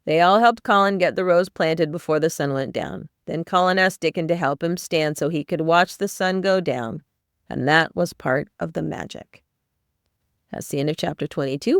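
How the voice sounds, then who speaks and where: A woman's voice: on the low side, no room sound, clean studio sound. Woman summarizing a novel. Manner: plain storytelling with brief asides. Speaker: podcast host summarizing a novel. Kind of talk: chapter-by-chapter book summary.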